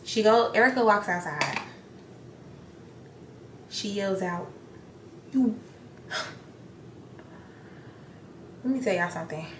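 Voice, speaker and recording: A young beauty vlogger gets ready while talking straight to the camera, blunt and profane, acting out what people said in an animated retelling. She speaks slowly with frequent pauses, her middle-pitched voice echoing around the room over a faint hum of ambient noise.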